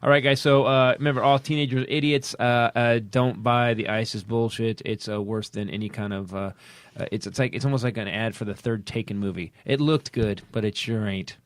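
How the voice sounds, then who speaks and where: A man's voice: medium pitch, a little fast, hardly any pauses, dry recording. A man hosting a comedy podcast, chatting and joking with his co-hosts. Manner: animated, joking. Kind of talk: casual comedic chat.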